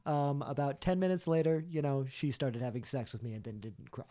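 A man's voice: mid-range voice, animated, brisk, mellow. A man, a guest on a podcast, casually telling a long story with frequent restarts. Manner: rambling, with repeated restarts.

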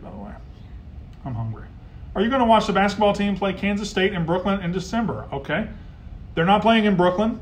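A man hosting a casual live sports talk stream, heckling rivals and getting loud when riled. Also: on the high side, slight background noise. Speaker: sports show host.

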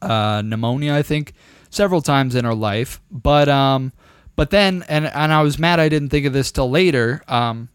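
Smooth-voiced young man telling a rambling story. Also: mid-range voice, moderate pace, no room sound, clean studio sound. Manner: rambling, profane, animated storyteller. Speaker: podcast co-host. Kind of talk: casual chat, storytelling.

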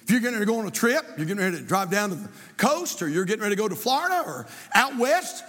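A man preaching as a pastor, building to shouts and repeating his points. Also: sits high, big pitch swings, racing, long reverb tail. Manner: impassioned preaching, often shouting, with repetition. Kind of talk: sermon. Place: church sanctuary.

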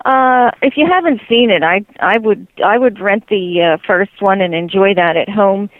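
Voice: mid-range voice, moderate pace. A podcast co-host joins the casual chat, agreeing readily and adding short, offhand remarks. The voice comes through a thin, phone-like line with little range. It sounds dry, with no room echo. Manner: agreeable, chiming in with short replies.

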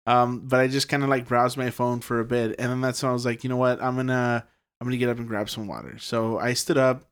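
A man's voice: mid-range voice, steady tone, fast talker, smooth. Young man rambling through a story. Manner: rambling, heavy on fillers and swearing. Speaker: podcast guest telling a ghost story. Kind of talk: casual storytelling.

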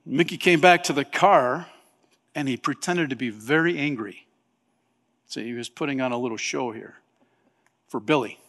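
A male pastor preaching a sermon, telling stories animatedly and acting out voices with sudden shouts. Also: medium pitch, normal speed, long pauses. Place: church sanctuary. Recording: long hall reverb.

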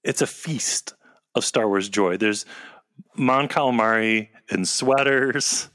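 A man's voice: on the low side, slow pace, fairly bright tone, dry recording, studio quality. A man co-hosting a podcast, musing over a series in a reflective, hedging way full of fillers. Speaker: podcast co-host. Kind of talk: casual fan discussion.

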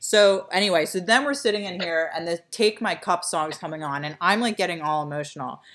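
A young woman co-hosting a casual podcast chat, rambling with lots of fillers and trailing off softly. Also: on the low side, brisk. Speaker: podcast co-host.

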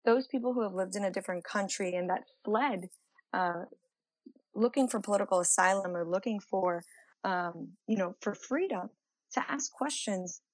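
A young woman answering interview questions thoughtfully, pausing often with fillers. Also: mid-range voice, no room sound, poor audio. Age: young adult. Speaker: guest.

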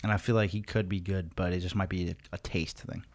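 A man with a fairly low voice, chatting casually on a podcast. He spins a story loosely, swears freely and leans on "like" and "you know" as he goes. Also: steady tone, a little fast. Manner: loose, profane, laid-back storytelling with many fillers. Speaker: podcast co-host.

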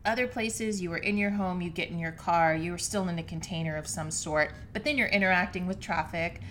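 A woman with a deep, low voice talks alone into a podcast microphone while sitting on her living room floor. She is reflective and earnest and often restarts her sentences mid-thought. The tone is that of a personal monologue to her listeners. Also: fairly quick, fairly bright tone, a little hiss or hum. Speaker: podcast host.

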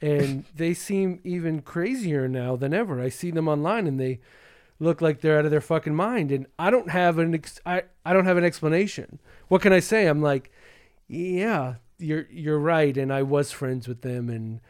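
A man's voice: fairly high pitch, moderate pace, a little mellow, clean tone, no echo. Reflective man, dry close sound. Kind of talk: casual chat.

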